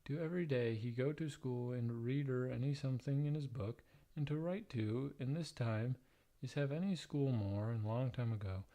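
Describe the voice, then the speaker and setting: A man livestreaming, reading old letters aloud in a plain, halting way, breaking off for blunt, profane joking asides. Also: medium pitch, mellow. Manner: plain, halting read-aloud delivery, stumbling and restarting over odd wording.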